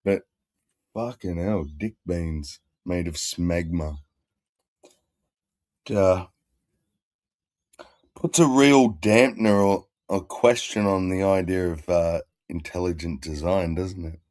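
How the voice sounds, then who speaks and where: A man's voice: deep voice, takes it slowly, pauses often, a little mellow, no echo, studio quality. A man hosting a casual chat in a crude, rambling, laid-back manner. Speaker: stream host.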